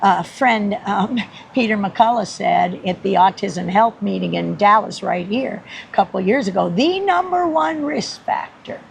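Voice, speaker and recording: A woman guest on a podcast telling a story in an animated, rambling way, laughing often and acting out the people she quotes. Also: medium pitch, measured pace, vocal fry, slight background noise, rough recording. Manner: rambling with many restarts.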